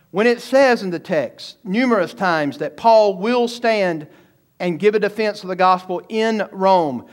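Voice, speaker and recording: A man delivers an expository sermon in a fairly high voice. He is emphatic and asks his listeners rhetorical questions. He shifts between slow, weighty phrases and quicker stretches. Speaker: pastor.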